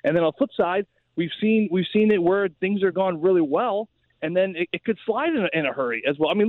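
A high, quick-talking man who calls into a sports radio show and makes his points with homespun stories. He comes through a thin, tinny phone line. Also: no room sound. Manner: storytelling with folksy analogies. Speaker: phone-in hockey analyst. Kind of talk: casual sports radio chat.

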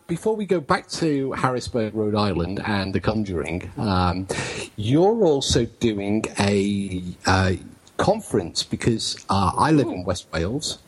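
Joking, husky-voiced male radio host. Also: fairly low pitch, big pitch swings, a little slow, low-quality recording. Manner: joking, rambling with restarts. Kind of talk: live internet radio chat.

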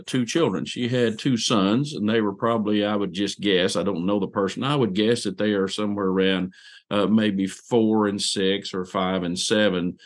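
A man telling a personal story in an unhurried, folksy way, with fillers and restarts. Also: lowish voice.

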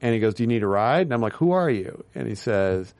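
Fast-talking man telling rambling anecdotes. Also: on the low side. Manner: rambling, tangent-prone anecdotes with acted-out quotes. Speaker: guest, TV writer and producer. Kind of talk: casual interview storytelling.

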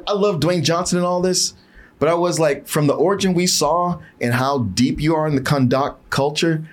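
A man with a slightly husky, somewhat higher voice talks loosely through a movie review. His pitch swings widely as he quotes his own reactions and laughs along. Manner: animated, laughing, quotes himself in asides. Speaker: co-host. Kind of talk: casual movie review chat.

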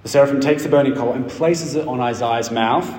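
A man delivers a sermon, reading from scripture and expounding on it with emphasis and dramatic pauses. His mid-level, slightly mellow voice echoes with the long reverb of a church hall.

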